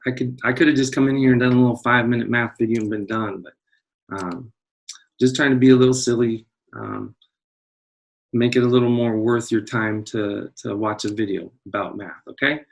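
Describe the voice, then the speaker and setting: Brief: male math teacher, comic wisecracking intro patter, mid-pitched voice. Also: fairly quick, gravelly. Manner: jokey, playful put-on tough-guy patter. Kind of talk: comedic video lesson intro.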